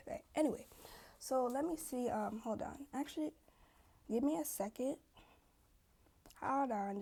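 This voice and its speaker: A woman's voice: fairly high pitch, vocal fry, mellow, breathy edge. A woman vlogging in a casual, chatty storytelling way, full of asides and fillers, acting out the voices of people she quotes.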